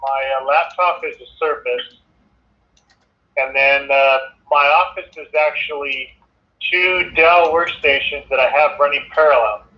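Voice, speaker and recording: A man's voice: medium pitch, measured pace. Hesitant man on a tinny phone line. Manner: hesitant, many fillers and restarts. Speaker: client on a call. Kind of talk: casual chat.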